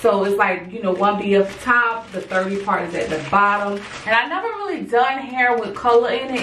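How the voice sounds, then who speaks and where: A woman's voice: medium pitch, animated, moderate pace, hardly any pauses, reverberant, far from the mic, background noise. A tired woman chatting casually and playfully while she braids her own hair late at night. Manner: chatty, playful, sassy asides. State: tired, yawning. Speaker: beauty vlogger. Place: home at night.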